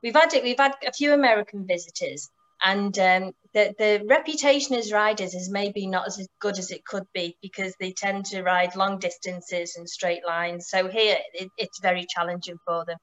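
A woman's voice: medium pitch, moderate pace, fairly bright tone, dull audio. A middle-aged woman who runs motorcycle tours, telling stories in a casual, enthusiastic way with many restarts and fillers. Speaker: motorcycle tour operator. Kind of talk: casual storytelling.

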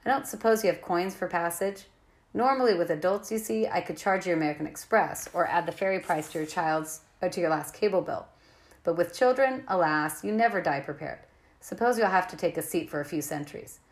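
A woman voicing a sly, cold male ferryman of the dead, speaking in a smooth, condescending put-on British-like accent. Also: lowish voice, fairly quick, lightly acted. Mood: smug. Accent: British-like put-on foreign accent. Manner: silky, condescending, menacing.

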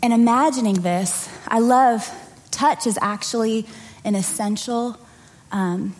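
A woman's voice: fairly high pitch, a little slow. A woman leading a prayer and then preaching in a church service, earnest and conversational, acting out little scenes as she tells them. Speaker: children's or family pastor. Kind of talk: prayer and sermon.

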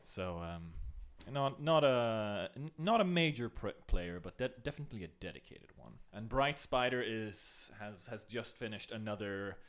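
A man narrating an improvised scene at a tabletop game, halting and searching for words. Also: on the low side, lively intonation.

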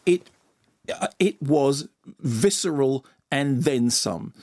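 Here a male film critic on the radio talks very slowly in a fairly high, slightly mellow voice. His reviews are enthusiastic but full of stumbles and restarted sentences. The sound is dry and clean, captured on a studio radio mic.

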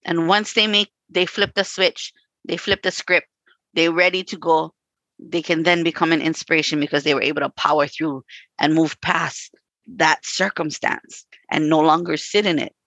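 A woman's voice: deep voice, fairly even intonation, moderate pace, a bit bright, no room sound. A woman co-hosting a casual talk, telling stories with acted-out quotes and frequent "you know" and "like". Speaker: podcast co-host. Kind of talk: casual conversation.

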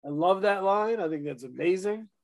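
A man's voice: high voice, lively intonation, moderate pace, creaky, dry recording. A man co-hosting a casual podcast chat about an album, talking enthusiastically with lots of fillers and restarts. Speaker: podcast co-host reviewing an album.

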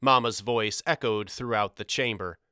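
A man narrating a storybook audiobook in a measured, expressive reading. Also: on the low side, clear, resonant tone, dry recording, studio quality.

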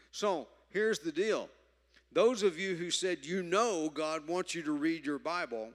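A man preaching a sermon, emphatic, moving from loud stresses to quiet asides. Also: on the high side. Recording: reverberant hall.

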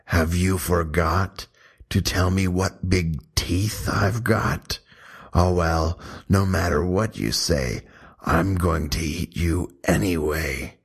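A man voicing a hungry, sly big bad wolf in a comic poem reading, drawn out and low. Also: fairly even intonation, slow, husky, full character voice.

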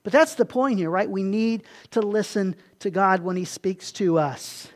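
A man preaching a sermon in a relaxed, conversational way, slipping into quick acted-out asides. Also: high-pitched. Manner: conversational, acts out voices in quotes, animated asides. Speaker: pastor.

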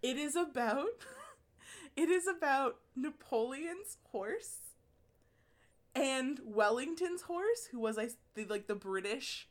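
A woman's voice: high-pitched, animated, takes it slowly. A woman in casual podcast chat, talking animatedly, laughing often and swearing as she raves about a book.

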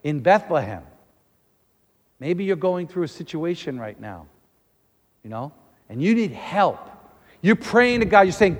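A man preaching a sermon as pastor, talking in an animated way and acting out the voices he quotes. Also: high voice, measured pace, long pauses, in a large hall.

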